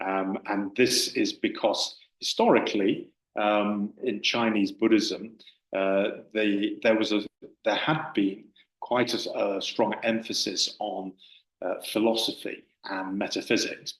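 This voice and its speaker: Low-voiced man giving a hesitant dharma talk. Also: fairly even intonation, measured pace, fairly bright tone. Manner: hesitant, with many fillers and restarts. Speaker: Buddhist teacher. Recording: roomy hall echo.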